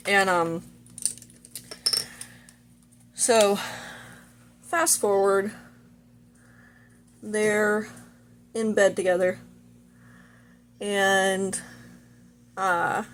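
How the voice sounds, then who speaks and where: A woman's voice: medium pitch, steady tone, very slow, long pauses, a little hiss or hum. A woman vlogger casually retelling a film's plot while getting ready, chatty and full of "like" and "you know". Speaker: vlogger reviewing a movie.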